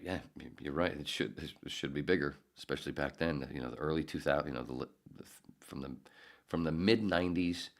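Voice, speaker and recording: A man in his fifties, a podcast host and former radio producer, tells rambling stories in a profane, digressive way, often correcting himself. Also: extremely low pitch. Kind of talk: casual rambling storytelling.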